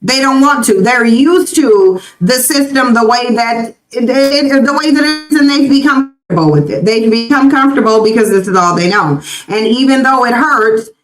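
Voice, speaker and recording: High-pitched woman lecturing a stream. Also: lively intonation, normal speed, few pauses. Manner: lecturing, insistent, repeats points. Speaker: streamer host reacting to a video. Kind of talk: commentary on a played clip. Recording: echoey, distant room mic.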